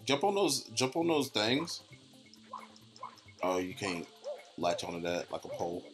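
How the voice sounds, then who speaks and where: Lively, teasing man gaming with a friend. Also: on the low side, a little slow, music in the background. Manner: profane, teasing, bursts into made-up song. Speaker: let's play commentator. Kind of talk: casual gaming banter.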